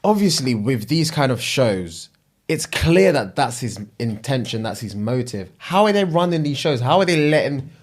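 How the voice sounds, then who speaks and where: A man's voice: mid-range voice, very animated, normal speed. A man, a podcast co-host in casual chat, putting questions to his friend. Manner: quizzing, posing would-you-rather questions.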